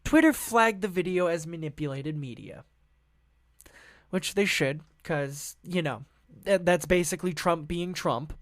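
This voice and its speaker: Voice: mid-range voice, measured pace, fairly bright tone, dry recording, clean studio sound. A podcast host reading news articles aloud and breaking off into profane, laughing, rambling asides.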